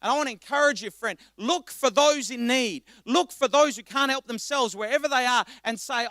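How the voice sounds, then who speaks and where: A male pastor preaching a passionate sermon, swinging between quiet reflection and loud exhortation. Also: extremely high pitch, fairly quick, hardly any pauses, no echo, clean studio sound. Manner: impassioned, rising to loud exhortation.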